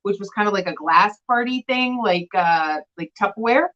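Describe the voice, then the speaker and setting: A woman's voice: mid-range voice, moderate pace, a bit bright, dull audio. A woman co-hosting a casual live sale stream, chatting animatedly as she shows items. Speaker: vintage glass seller and co-host.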